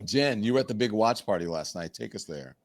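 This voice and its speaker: A man hosting a casual panel talk show, friendly and quick to jump in with introductions and questions. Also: on the low side, lively intonation, no room sound.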